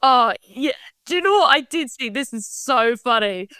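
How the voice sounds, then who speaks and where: A woman from Australia chats as a podcast guest, giggling often in a bright, slightly high voice. Her tone is smooth and clear, and the recording is close and dry. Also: normal speed, dry recording. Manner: giggly, lively, laughs often. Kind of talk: casual podcast conversation.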